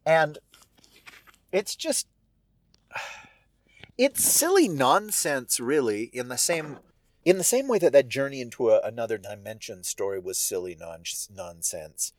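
A man, an author, talking reflectively about his stories, with halting, wandering phrasing. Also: medium pitch, very animated. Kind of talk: reflective solo talk.

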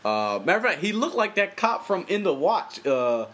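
A man's voice: high-pitched, big pitch swings, moderate pace, a bit bright, a little hiss or hum. A young man casually recapping a TV episode in loose, profane, rambling commentary full of slang. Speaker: TV episode reviewer.

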